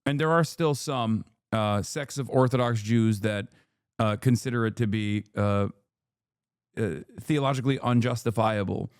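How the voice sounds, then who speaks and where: A man streaming a reaction video, talking loosely and profanely, with many fillers and lively jumps when he quotes people. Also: mid-range voice, normal speed, smooth, dry recording, clean studio sound. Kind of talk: casual reaction commentary.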